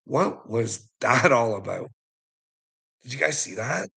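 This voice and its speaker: Casting note: husky, gravelly-voiced man, casual rambling commentator, laughs through his lines, salty language. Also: medium pitch, very animated, slow, bright, forceful tone, poor audio. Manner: chuckles often, swears, rambling. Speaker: online commentator.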